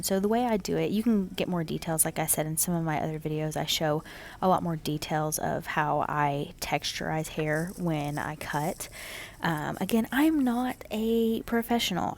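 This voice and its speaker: A woman casually narrating her home haircut video, chatty and relaxed, with lots of "um"s and "kinda"s. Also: fairly low pitch.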